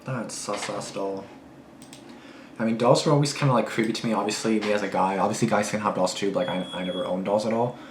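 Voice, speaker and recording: A man's voice: on the low side, fairly even intonation, quick pace. A young man reacting to a video, rambling casually and filling his talk with "like". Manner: rambling, lots of "like" fillers. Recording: echoey room with faint noise.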